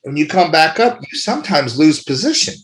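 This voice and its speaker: A middle-aged man talking casually as a podcast guest, warm and rambling, often repeating himself. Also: a little high, sing-song, a little fast. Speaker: podcast guest, arm wrestler.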